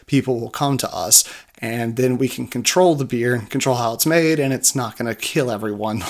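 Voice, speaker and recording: A man co-hosting a podcast, explaining beer history in a relaxed, joking way. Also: medium pitch. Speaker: podcast co-host. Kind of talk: casual chat about beer history.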